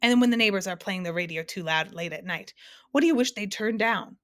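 Woman reader as a fussy male doctor in a storybook, persuasive, mid pitch, dry. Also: brisk, fairly bright tone, no echo, natural voice. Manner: explaining, persuasive. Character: fussy male doctor who sells noise. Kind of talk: storybook narration.

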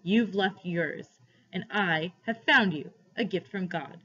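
A woman voicing a big, gruff bearded man who booms stern, mocking questions, in a dull lo-fi recording. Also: slow, pushed and bright, full character voice. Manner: booming, demanding questions.

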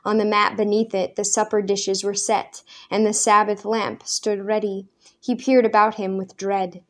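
A woman reading a story aloud in a measured, even narration. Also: mid-range voice. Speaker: audiobook narrator. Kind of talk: scripted narration.

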